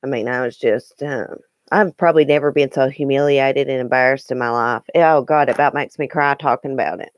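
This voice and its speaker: A woman's voice: extremely low pitch, steady tone, brisk, dry recording, clean studio sound. A woman hosting a casual live stream, chatting earnestly with viewers and replying to their comments. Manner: chatty and earnest, with frequent ums and restarts. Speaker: YouTube live-stream host.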